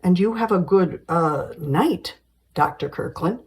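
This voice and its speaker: A woman reading the lines of a polite, fatherly older male doctor in a screenplay, in her own husky voice. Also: on the low side, expressive, slow, darkish tone, heavily acted, low-quality recording. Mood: cordial.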